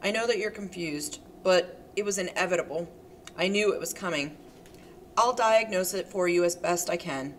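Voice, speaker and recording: A woman voicing a calm, analytical woman who speaks in a cool, detached and measured way. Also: lowish voice, slight background noise, lightly acted, poor audio.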